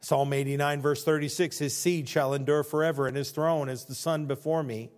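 Male preacher, sermon, reads scripture aloud, drops quiet and low then climbs loud and high. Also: steady tone, a little fast. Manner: reads scripture aloud in old-fashioned wording.

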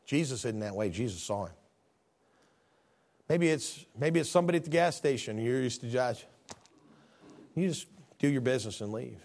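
A man preaching a sermon, animated, acting out scripture scenes with voices. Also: medium pitch, normal speed, long pauses.

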